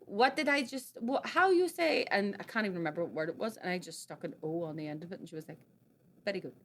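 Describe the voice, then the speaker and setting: A woman co-hosting a podcast, joking quick-wittedly in casual chat. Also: on the low side, lively intonation, a little hiss or hum. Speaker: podcast co-host.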